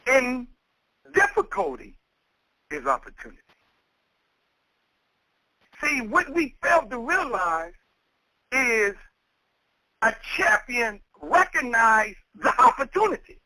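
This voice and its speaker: A man's voice: very high voice, wildly swooping pitch, takes it slowly, long pauses, pushed and bright, dry recording, low-quality recording. A man preaching a sermon with an emphatic, repetitive cadence. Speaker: minister.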